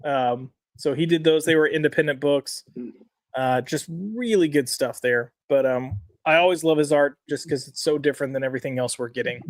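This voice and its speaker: A man's voice: a little high, normal speed, dry recording, clean studio sound. A man co-hosting a weekly comics podcast in casual chat, reading lines aloud and checking the live chat.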